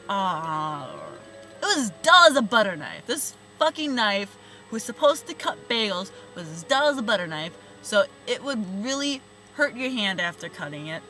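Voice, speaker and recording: A young woman telling a story in her car, swinging between loud bursts of swearing and muttered asides. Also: mid-range voice, rough recording. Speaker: vlogger. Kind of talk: ranting storytime. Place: inside her parked car.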